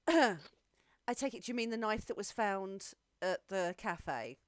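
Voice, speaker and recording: A woman's voice: mid-range voice, lively intonation, a little slow. A woman playing in a tabletop game, giggly and playful. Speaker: player. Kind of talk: casual tabletop game chat.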